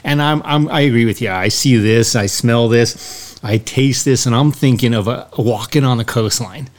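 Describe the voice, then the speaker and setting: A man co-hosting a relaxed podcast, talking through a scotch's taste in a casual, descriptive way. His voice sits at an ordinary middle pitch. He lingers over his words as he chats. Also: normal speed. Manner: lingering, descriptive tasting talk. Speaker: podcast co-host. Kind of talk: casual chat.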